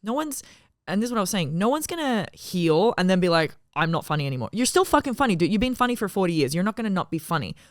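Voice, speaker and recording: A woman's voice: mid-range voice, very animated, fast talker, no room sound, studio quality. An Australian woman, a comedian, chatting on a podcast in a frank, emphatic way with plenty of swearing. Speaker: comedian guest. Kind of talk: casual podcast chat.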